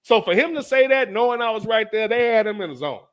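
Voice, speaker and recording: A man hosting his own show, telling a story in a casual, animated way, swearing often and repeating lines for emphasis. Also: sits high, fast, clean tone. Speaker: podcast host.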